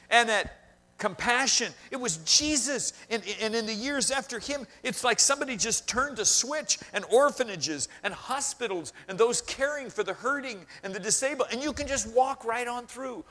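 A man preaching a sermon, swinging between loud emphasis and quiet asides and questioning the congregation directly. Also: extremely high pitch, measured pace. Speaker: pastor.

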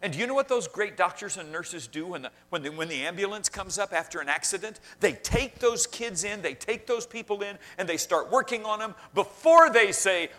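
A man preaching a sermon, swinging between loud emphasis and quiet asides and questioning the congregation directly. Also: high voice, expressive, brisk, hardly any pauses. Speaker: pastor.

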